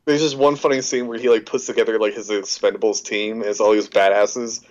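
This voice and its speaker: A man's voice: lowish voice, fairly even intonation, brisk, dull audio. A man co-hosting a casual podcast, joking around and filling his talk with "like". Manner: casual, joking, leans on "like" a lot. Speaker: podcast co-host. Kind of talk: casual chat.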